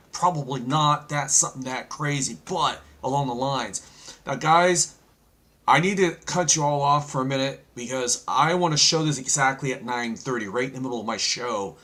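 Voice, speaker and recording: A man's voice: mid-range voice, a little fast, sharp tone. A man hosting a live online prophecy show, preaching to viewers and calling them folks. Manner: preaching, addresses audience as folks. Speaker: host.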